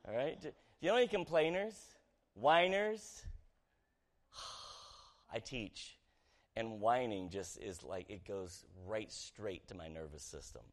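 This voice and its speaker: A man preaching a sermon as pastor, talking conversationally with the congregation, asking them questions and swinging between loud emphatic lines and hushed ones. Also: on the low side, animated, slow.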